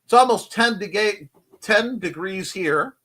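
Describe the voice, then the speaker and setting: A man hosts a casual live stream from his computer desk at home, rambling, joking and greeting people in the chat. His voice is bright, fairly high and very lively in pitch. He speaks into a desk mic. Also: a little slow. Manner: rambling, jokey, greets chatters.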